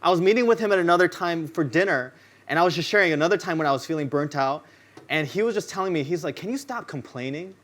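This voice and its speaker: A man preaching a sermon in a relaxed, conversational way, telling personal stories and acting out what people said in them. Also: fairly high pitch, fast. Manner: casual, conversational storytelling; acts out quoted lines in his stories. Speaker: pastor. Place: church.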